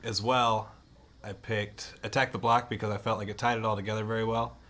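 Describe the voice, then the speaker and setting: A man chatting on a film podcast with a fairly low voice. He talks earnestly about movies he loves, dropping in casual slang. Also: level tone, a little fast, sharp tone. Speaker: podcast co-host. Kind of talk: casual chat.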